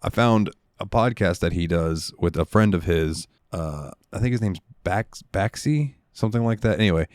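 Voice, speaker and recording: A young man co-hosts a gaming podcast in casual chat, rambling through stories with lots of ums and likes. His voice is low and a little mellow, moving at normal speed with hardly any pauses. The recording is dry, with clean studio sound.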